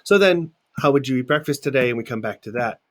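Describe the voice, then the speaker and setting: A man's voice: mid-range voice, lively intonation, quick pace. A middle-aged man teaching in a recorded video lecture, talking conversationally and putting questions to his students.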